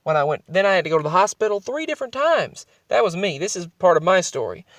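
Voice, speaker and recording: Young guy rambling thru his story, kinda high voice, dry close sound, keeps restarting. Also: very animated, fast talker, no echo. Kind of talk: personal storytelling vlog.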